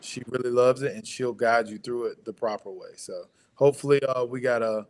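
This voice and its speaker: A man's voice: medium pitch, fairly even intonation, brisk. Brief: male guest, mid-range voice, sincere and encouraging. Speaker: guest, instructor and coach. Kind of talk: casual podcast chat.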